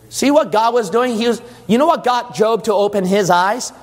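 A man's voice: very high-pitched, moderate pace, hardly any pauses. A man preaching a sermon emphatically, often asking his congregation questions. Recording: long church reverb.

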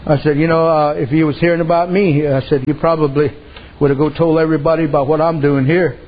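High-voiced folksy preacher, lo-fi. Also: male voice, fairly even intonation, fast talker. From Native American reservation community. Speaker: pastor. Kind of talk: sermon.

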